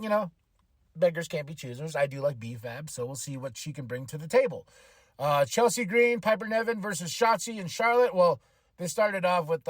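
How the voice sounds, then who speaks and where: Excitable man recapping wrestling, dry close mic. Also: fairly high pitch, dry recording. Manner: animated, acts out quotes in changing voices, laughs often. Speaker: podcast host. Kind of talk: casual wrestling show recap.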